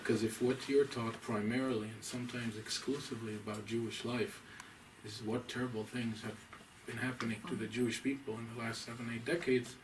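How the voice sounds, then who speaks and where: A man, a rabbi, giving a deliberate, emphatic, scholarly lecture to a small audience. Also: mid-range voice, flat delivery. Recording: distant mic, faint room noise.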